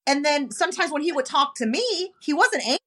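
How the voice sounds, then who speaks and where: A woman in her thirties, a podcast co-host, in casual chat, telling a story with animated quoted dialogue. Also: high-pitched, fairly quick.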